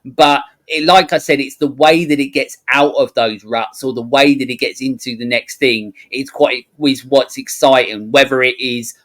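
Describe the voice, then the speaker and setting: A man's voice: mid-range voice, steady tone, normal speed, few pauses, a bit bright. A man talking as a podcast guest in a casual chat, rambling and repeating filler phrases.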